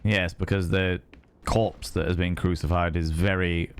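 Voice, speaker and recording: Low-voiced swearing gameplay streamer. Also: male voice, flat delivery, measured pace, clean tone. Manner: swears, reads aloud, chats with viewers. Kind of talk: casual live gameplay commentary.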